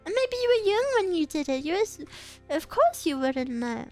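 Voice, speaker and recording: A woman's voice: very high voice, sing-song, normal speed, faint music behind. A woman streamer in a casual live chat, earnestly encouraging her viewers and getting a little choked up. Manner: gets choked up and emotional.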